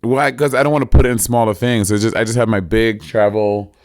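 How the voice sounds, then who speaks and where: A man's voice: on the low side, steady tone, fairly quick, no room sound. Sassy laughing man, dry close sound. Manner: sassy, playful, laughs often. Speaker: podcast co-host. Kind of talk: casual chat.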